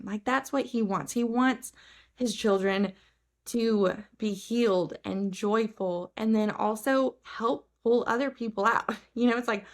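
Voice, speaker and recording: A woman hosting a podcast, speaking in an encouraging, enthusiastic way and talking warmly about faith in casual conversation. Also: mid-range voice. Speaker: podcast host. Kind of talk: faith-centered casual chat.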